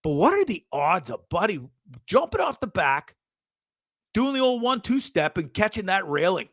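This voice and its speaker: A man's voice: sits high, very animated, moderate pace, a bit bright, no room sound, clean studio sound. A man hosting a show, casually commenting on videos with frequent swearing, stammered repeats and laughter. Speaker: show host.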